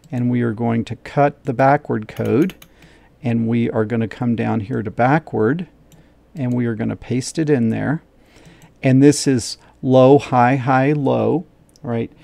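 A man's voice: mid-range voice, creaky, mellow, dry recording. A middle-aged man teaching a coding lesson while he shares his screen, thinking aloud, repeating steps and checking his own work.

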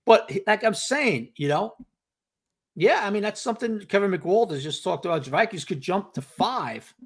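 High-pitched and husky, this man co-hosts a relaxed sports talk show at a moderate pace, sounding expressive. He hammers points home through repetition and acts out how others responded.

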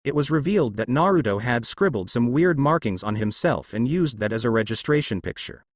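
Male narrator with lively intonation. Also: mid-range voice, fairly quick, no room sound, studio quality. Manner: straightforward storytelling. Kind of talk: reading a fan story aloud.

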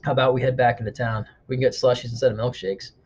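A man narrating an audiobook in the first person, quick, even and matter-of-fact. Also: mid-range voice. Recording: dull lo-fi recording with faint noise.

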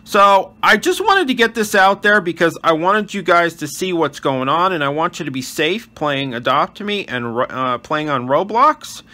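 A man's voice: high-pitched, sharp tone. A male channel host giving earnest voice-over commentary on gameplay and reading chat aloud. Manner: wishes viewers a blessed day.

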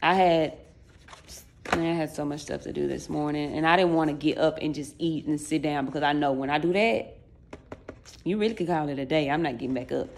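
A woman's voice: sits low, fairly quick, creaky, darkish tone. A woman in her late twenties chatting casually and straight to her viewers, with loose folksy slang. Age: late 20s. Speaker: vlogger.

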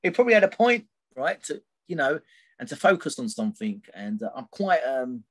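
Very animated and fairly quick, this middle-aged man has a husky mid-range voice with no echo around it. As a podcast guest he rambles through a candid personal story, constantly checking in with a "right?" at the end of his sentences.

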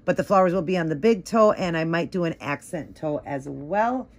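Woman, low-pitched voice, chatty and rambling, casual nail art tutorial at home. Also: expressive, normal speed. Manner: chatty, rambling, many "like" and "um" fillers.

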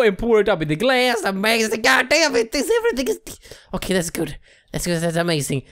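A woman giving gameplay commentary, excitable, shrieking and swearing often. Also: on the high side, brisk. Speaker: let's play gamer.

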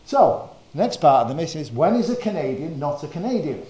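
A man from northern England giving a history lecture, measured and full of small fillers. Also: on the high side, big pitch swings, warm tone, echoey room. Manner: measured, with frequent uh fillers and quoted passages. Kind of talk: lecture presentation.

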